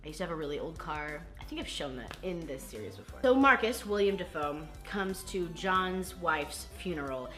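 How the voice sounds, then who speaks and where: A woman hosting a casual movie recap vlog, talking in an animated, gushing way with laughter and some cursing. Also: lowish voice, normal speed, few pauses, faint music behind. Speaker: vlog host reviewing movies.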